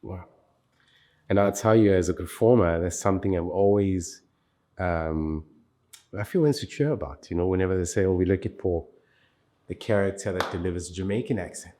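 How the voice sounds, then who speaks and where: Low-voiced South African male host. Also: normal speed, warm tone. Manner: chatty, lots of fillers and restarts. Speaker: show host, interviewer. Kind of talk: interview questions.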